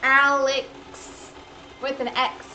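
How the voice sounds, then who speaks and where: A woman's voice: sits high, little pitch movement, very slow, bright, forceful tone, slight background noise, rough recording. A woman hosting a cooking livestream, chatting in a bubbly, gushing way to her viewers. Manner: bubbly, gushing, talks to chat. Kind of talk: casual livestream chat to viewers. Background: faint background music.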